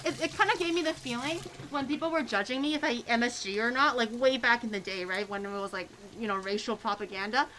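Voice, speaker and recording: A woman's voice: on the high side, fast talker, hardly any pauses, pushed and bright, a little hiss or hum. A woman hosting a baking video, chatting casually and rambling through stories with the odd swear. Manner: rambling storyteller, swears casually, many fillers. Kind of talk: casual chat while baking.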